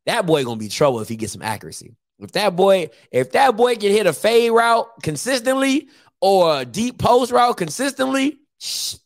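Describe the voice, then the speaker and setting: A man's voice: sits high, big pitch swings, normal speed, vocal fry, dry recording, clean studio sound. A man hosting his own YouTube show, chatting casually and teasing viewers, with lots of fillers. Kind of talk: casual live-stream talk.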